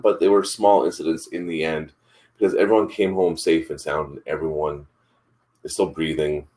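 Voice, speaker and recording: A man's voice: low voice, darkish tone. A man hosting a live morning chat show, telling a family story in a casual, rambling way with lots of fillers and restarts. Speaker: father.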